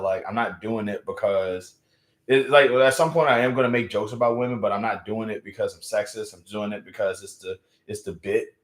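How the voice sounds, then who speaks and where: A man's voice: fairly low pitch, reverberant. A young man hosting a casual live stream from home, rambling with many restarts and fillers while feeling unwell. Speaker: livestream host.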